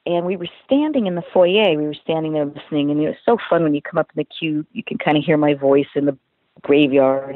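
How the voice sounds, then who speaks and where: A woman's voice: deep voice, no echo. Chatty older woman on a phone line. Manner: chatty, storytelling, animated quotes. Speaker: singer and voice actress, guest. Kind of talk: interview over the phone. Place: home in California. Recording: dry tinny phone line.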